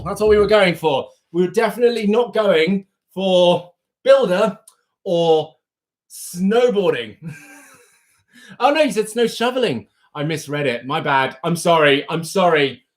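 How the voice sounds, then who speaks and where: Young guy doing a live stream, kinda high voice, giggly and chatty. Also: expressive, normal speed. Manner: giggly and chatty, often breaking into laughter. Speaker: livestream host. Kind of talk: casual live stream chat.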